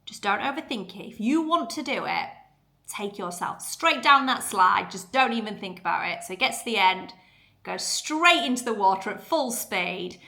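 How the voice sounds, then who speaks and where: A woman's voice: mid-range voice, lively intonation, moderate pace, creaky, sharp tone. A woman, giving an earnest, chatty motivational talk as a podcast host. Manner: chatty, earnest, lots of fillers.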